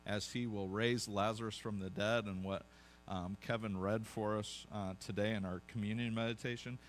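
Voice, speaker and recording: A man's voice: on the low side, a bit bright. A pastor preaching a conversational sermon to his congregation, asking them questions as he goes.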